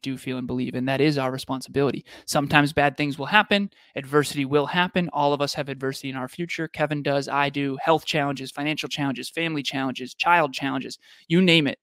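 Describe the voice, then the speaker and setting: Male podcast host preaching motivational points, repetitive and emphatic, slightly high voice. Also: a bit bright, no room sound, studio quality. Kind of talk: motivational talk on a live podcast.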